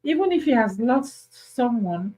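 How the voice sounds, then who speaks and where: A woman's voice: fairly high pitch, sing-song, unhurried, mellow, rough recording. A Nigerian woman hosting an advice talk, speaking earnestly and pleading, repeating her points for emphasis. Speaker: host.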